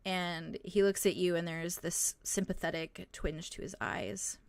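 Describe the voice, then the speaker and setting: A woman's voice: fairly low pitch, fairly even intonation, measured pace, vocal fry, dry recording. A woman narrating as game master for a tabletop game, hesitant, with frequent ums and likes. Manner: hesitant, lots of "um" and "like".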